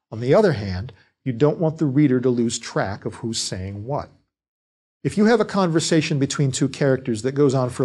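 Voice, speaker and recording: A man giving a scripted lecture on fiction writing, speaking in a measured, deliberate way. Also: mid-range voice, darkish tone, breathy edge.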